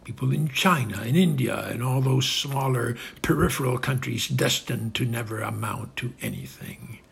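Man doing a gravelly gloating strongman dictator. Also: medium pitch, expressive, normal speed, exaggerated voice. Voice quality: gravelly, very husky. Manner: boastful and scornful, drops into rasping whispers. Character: gloating ruthless male strongman leader, boastful. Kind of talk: satirical monologue.

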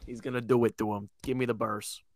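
A man's voice: medium pitch, level tone, fast talker, darkish tone, no echo. A man co-hosting a casual sports podcast, throwing in dry wisecracks. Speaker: podcast co-host.

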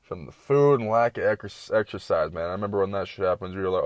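In a fast, nearly pause-free ramble, a young man with a low, deep voice tells a sprawling, foul-mouthed story that keeps veering into side topics. His casual, slang-heavy style feels like late-night chatter. The recording is close and dry, with the high frequencies rolled off.

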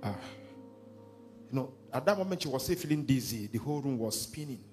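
A man's voice: mid-range voice, animated, brisk, darkish tone, soft background music. A male pastor with a Nigerian accent preaching a sermon, leading his congregation in reading scripture aloud and retelling a counselling story.

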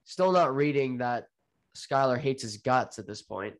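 Guy casually retelling an episode on a podcast, relaxed storyteller vibe. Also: mid-range voice, a little slow. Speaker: podcast co-host. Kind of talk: casual chat recapping a TV episode.

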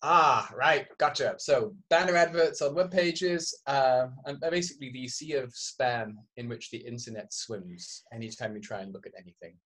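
A man's voice: mid-range voice, moderate pace, hardly any pauses, a bit bright. A man co-hosting a podcast in a playful, teasing way, with a mixed Canadian and English accent, on a studio microphone. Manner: playful, teasing, self-mocking. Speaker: podcast co-host. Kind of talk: casual chat.

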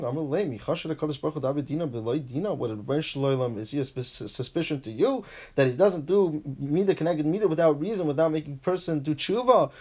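A man teaching a Talmud class, reading each line and paraphrasing it in English, animated, with frequent restarts. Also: quick pace, breathy edge. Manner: animated, pitch jumps for emphasis.

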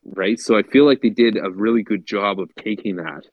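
Man, podcast co-host: lowish voice, eager, filler-heavy, dull dry mic. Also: moderate pace, no room sound. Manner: enthusiastic, heavy use of "like" and "I feel like". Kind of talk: casual chat.

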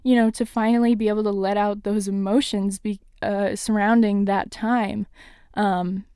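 A woman's voice: medium pitch, level tone, moderate pace, warm tone, smooth, no echo, studio quality. A young woman casually recapping a TV episode, gushing and laughing often, with lots of fillers. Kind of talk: casual solo recap chat.

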